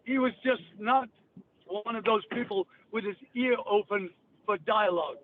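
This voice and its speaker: A man's voice: high-pitched, moderate pace. A man rambling bluntly and cursing on a call-in show. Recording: tinny phone line with hiss.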